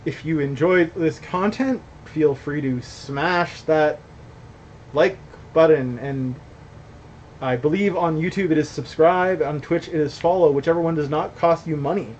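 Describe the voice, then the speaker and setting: A man's voice: fairly high pitch, a little slow, darkish tone, muffled recording, a little hiss or hum. A young adult man giving blunt, rambling commentary on a stream, reading chat and swearing casually. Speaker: company founder hosting a stream.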